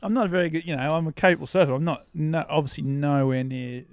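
A man's voice: a little high, quick pace, clear, resonant tone, no echo. Rambling, laughing male surf writer. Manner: rambling, laughing, self-deprecating. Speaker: surf writer and podcast guest. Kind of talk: casual interview chat.

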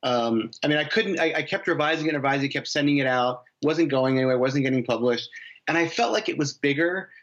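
A man's voice: mid-range voice, fairly quick, a bit bright, lo-fi sound. A man, a novelist from the United States, answering interview questions in a rambling way, with many restarts and fillers. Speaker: novelist guest.

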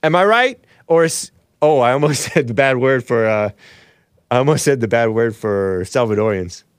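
A man hosts a loose live-stream show, rambling from one aside to the next and laughing often. His voice sits at an ordinary pitch but sometimes leaps up high for a joke. The sound is close and dry, with no room around it. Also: animated, normal speed, smooth, no room sound. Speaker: talk show host. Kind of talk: casual live-stream chat reading viewer messages.

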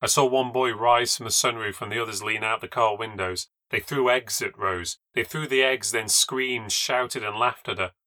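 Wry, measured male narrator for a ghost story podcast, slightly low and crisp-edged. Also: fairly even intonation, bright, forceful tone, dry recording. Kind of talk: scripted first-person ghost story narration.

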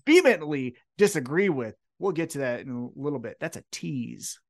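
A man's voice: fairly high pitch, lively intonation, normal speed, vocal fry. A man co-hosting a casual wrestling podcast, ranting with strong opinions and frequent swearing. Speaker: podcast co-host.

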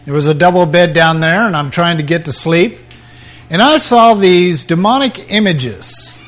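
Slow-spoken older man telling a testimony. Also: high voice. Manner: dramatic storyteller, voice rising at intense moments. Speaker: preacher. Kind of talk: personal testimony.

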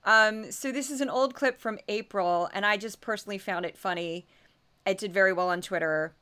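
A woman from the Midwest with a Missouri accent, hosting a podcast in chatty, animated commentary. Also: mid-range voice, moderate pace, clean tone. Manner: chatty, animated, often laughing. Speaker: podcast host. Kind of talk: casual commentary.

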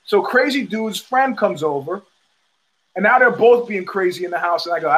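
High-voiced man telling a wild story. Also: normal speed, rough recording. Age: middle-aged. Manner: profane, animated storyteller acting out quotes. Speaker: host. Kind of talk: storytelling monologue.

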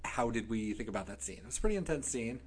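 A man's voice: medium pitch, animated, fast talker, breathy edge. A man co-hosting a casual chat, sarcastic and joking, sometimes slipping into silly voices. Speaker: podcast co-host.

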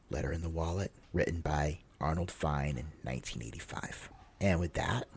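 A man hosting a podcast, reading a story aloud in a steady, measured way and closing the episode. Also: low voice, slightly rough. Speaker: podcast host.

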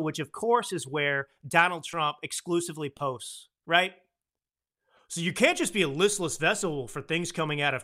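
A man's voice: high-pitched, pushed and bright. A man in his thirties hosting a political commentary podcast, talking emphatically and checking in with his producer. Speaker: podcast host.

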